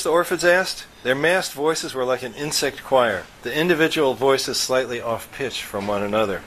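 Brief: male audiobook narrator, steady and even, faint background noise. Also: mid-range voice, normal speed, hardly any pauses, poor audio. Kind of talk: science-fiction story reading.

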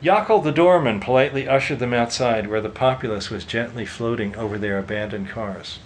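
Male narrator, mid-range voice, steady storytelling, low rumble behind. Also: a little fast, rough recording. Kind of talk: audiobook narration.

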